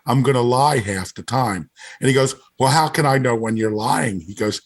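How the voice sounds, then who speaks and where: A man's voice: mid-range voice, moderate pace. A man who is a guest on a casual podcast, telling a long story and repeating "he goes" as he talks.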